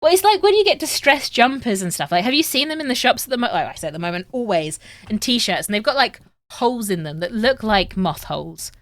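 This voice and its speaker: A woman's voice: a little high, sing-song, a little fast, a bit bright, no echo. A woman chatting casually on a live stream while she sews at home, joking at her own expense and swearing freely. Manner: chatty, self-mocking and swearing.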